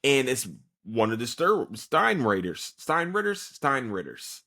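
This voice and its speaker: A man's voice: mid-range voice, sing-song, takes it slowly, vocal fry, bright, forceful tone. A man hosting a podcast, giving a casual, profane, rambling recap of an anime episode with frequent restarts. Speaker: podcast host.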